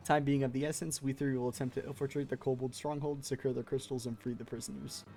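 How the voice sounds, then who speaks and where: A man voicing an earnest young male scholar in a fantasy game, reading in a formal, measured way. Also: medium pitch, little pitch movement, mellow, natural voice. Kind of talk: reading game dialogue aloud.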